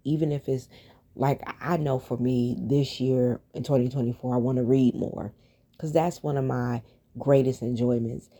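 A woman hosting a solo podcast, talking through her plans in a relaxed, reflective way with lots of fillers and restarts. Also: rumbling low, moderate pace, slightly rough. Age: adult, has a daughter. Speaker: podcast host. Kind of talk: casual solo podcast talk.

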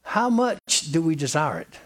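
A man with a high, sing-song voice preaches to his congregation. He swoops up and down through his pitch, drilling his points in with plain, homespun repetition. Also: big pitch swings, a little slow, fairly bright tone. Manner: emphatic, repetitive and folksy. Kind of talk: sermon.

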